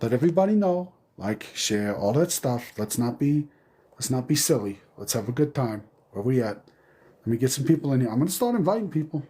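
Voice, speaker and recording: A man live streaming from a garage, talking in a meandering, offhand, deadpan way. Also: medium pitch, husky. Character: undead zombie entertainer persona, man. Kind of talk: rambling comedic live stream.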